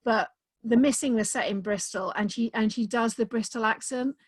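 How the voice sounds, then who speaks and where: A woman's voice: fairly high pitch, normal speed, no echo. Chatty woman author, dry close sound. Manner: chatty and enthusiastic, many "um"s. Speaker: author being interviewed. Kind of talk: casual conversation.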